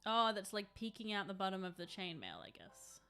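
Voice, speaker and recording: A woman talks through a live stream in a bright, clear voice. She rambles in a chatty way and answers her chat while she paints. Faint music plays quietly behind her. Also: mid-range voice, big pitch swings, a little fast.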